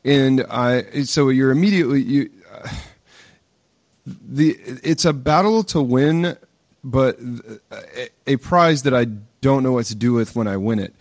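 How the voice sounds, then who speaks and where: A man's voice: mid-range voice, lively intonation, a little slow, dry recording. An American man chatting casually on a podcast, rambling through his stories with plenty of restarts and fillers. His voice sits in a middle range and comes through a close, dry mic with no room sound. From United States. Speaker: podcast host. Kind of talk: casual chat. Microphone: own mic with gain control.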